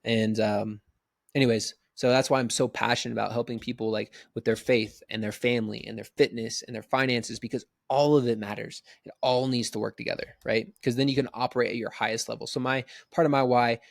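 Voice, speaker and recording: A man in his thirties giving an energetic, conversational motivational business talk, often checking in with "right?". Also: medium pitch, a little fast, gravelly, dry recording, studio quality. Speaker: business coach.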